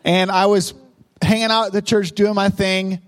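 A man's voice: high voice, little pitch movement, normal speed. A pastor in his thirties telling how he met his wife, teasing and joking as he preaches. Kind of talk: sermon told as a couple's story.

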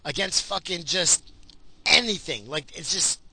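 A man in a profane, angry vlog rant, swearing constantly and bursting into loud outbursts. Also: animated, a little slow. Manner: mocking, drifting into sudden high voices. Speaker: vlogger.

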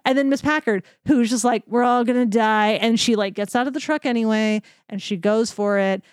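Excited woman gushing on a podcast. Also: a little high, no room sound, clean studio sound. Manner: enthusiastic, gushing, rapid asides. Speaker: podcast co-host. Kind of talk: casual chat.

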